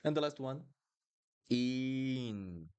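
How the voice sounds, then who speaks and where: A man's voice: medium pitch, lively intonation, drawn-out words, a little mellow, clean tone. A man teaching pronunciation in a live online lesson, patiently repeating words and sounds. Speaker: Portuguese teacher. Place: home studio, livestream.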